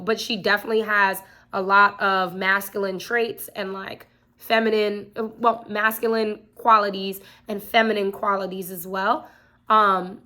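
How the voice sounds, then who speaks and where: A woman's voice: medium pitch, bright, forceful tone. A young woman vlogging casually at home, chatting to viewers with lots of fillers and asides. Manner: chatty, addresses viewers as y'all, frequent fillers. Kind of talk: casual chat to camera. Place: home room.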